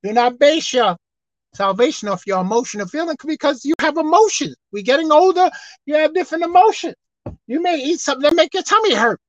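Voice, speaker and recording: A woman preacher delivering a sermon, swinging between loud emphatic outbursts and quiet asides. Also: high-pitched, expressive, brisk, dry recording. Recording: dull lo-fi dry sound.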